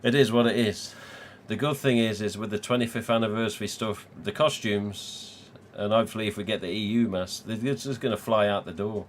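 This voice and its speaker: A man's voice: lowish voice, steady tone, brisk, few pauses, slight background noise. A man from England hosting a live stream, chatting casually, swearing freely and laughing often. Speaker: livestream host.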